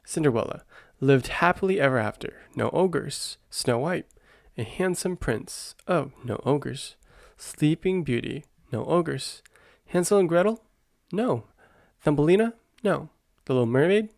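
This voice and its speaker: A man's voice: on the high side, lively intonation, creaky, no echo, clean studio sound. A man whispering as a smug fairy godmother. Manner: brisk and condescending. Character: bossy scheming female fairy godmother. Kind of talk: whispered role-play.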